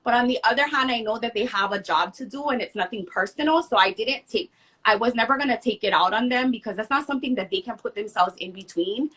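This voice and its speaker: A woman from Hawaii, a guest telling a personal story in an animated, emphatic conversational way. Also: on the high side, fast talker, slightly rough. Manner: emphatic, acts out others' lines in the story.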